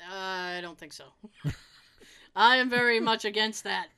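A woman chatting casually, telling an animated story, laughing often and acting out the people she quotes. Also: medium pitch, slow pace, smooth.

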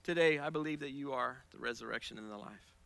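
A man preaching as pastor shifts from casual, soft asides with repeated words to loud, high-pitched passages. He speaks quickly with a creaky voice, and the recording is dry.

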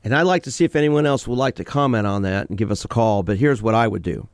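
A man's voice: on the low side, quick pace, smooth, no echo, studio quality. A man hosting a call-in radio show as a sport psychologist, direct and questioning as he gives advice.

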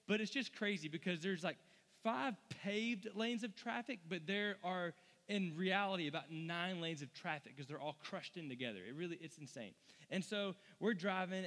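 Man, thirties, preaching, high voice, chatty and self-deprecating, long hall echo. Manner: chatty, animated, self-deprecating, many fillers and restarts. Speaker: college ministry preacher. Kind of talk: sermon with casual storytelling.

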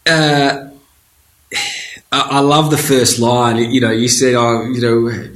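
A man's voice: medium pitch, steady tone, slow, a bit bright. A man co-hosting a podcast, chatting casually and enthusiastically. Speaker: podcast co-host. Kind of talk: casual chat. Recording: roomy echo.

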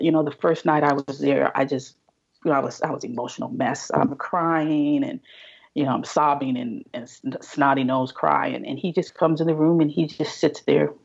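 Woman, podcast guest, low and gravelly, halting storyteller. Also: fairly even intonation, dull audio. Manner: halting, many restarts and repeated words. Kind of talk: casual interview storytelling.

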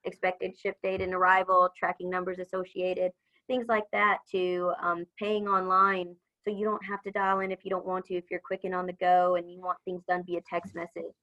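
A woman's voice: on the low side, little pitch movement, moderate pace, few pauses, a bit bright, highs cut off. A woman, upbeat and chatty, talking about customer service in a business interview. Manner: upbeat, chatty, acts out phone greetings. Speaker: supplier customer service leader.

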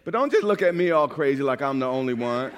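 A man with a New York accent preaching a sermon, emphatic, moving from quiet asides to shouted points. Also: medium pitch, very animated, quick pace, background noise. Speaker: pastor.

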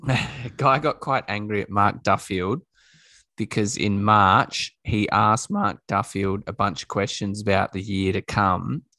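A man's voice: on the low side, steady tone, unhurried, sharp tone, no echo. A man co-hosting a podcast, chatting loosely about footy and slipping into mimicry when retelling what others said. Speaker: podcast co-host. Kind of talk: casual sports chat.

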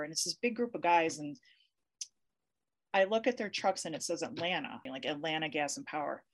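Low-voiced woman telling an emotional story. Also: a little fast. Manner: emotional, chatty storyteller who laughs easily. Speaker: interview guest, university professor. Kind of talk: conversational interview.

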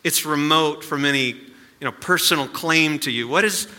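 A man's voice: on the high side, moderate pace, pushed and bright, clean tone, in a large hall. A male pastor giving a sermon in a conversational way, with asides and rhetorical questions.

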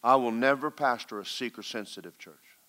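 At a fairly quick pace and medium pitch, a pastor delivers a sermon around a personal story. He swings from urgent, loud exhortation to quiet, hushed storytelling.

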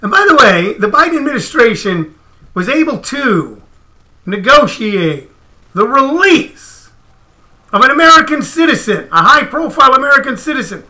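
A man hosting a casual livestream, ranting in an animated, emphatic, profane way. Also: extremely high pitch, moderate pace. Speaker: comedian host.

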